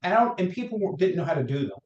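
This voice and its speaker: Raised in North Carolina, this middle-aged mortgage lender speaks with a Southern accent as a guest on a podcast, telling career stories. His slightly high, darkish voice races along with lively intonation as he wanders through rambling anecdotes, restarting often and acting out quotes. The dull audio carries a noticeable roomy echo.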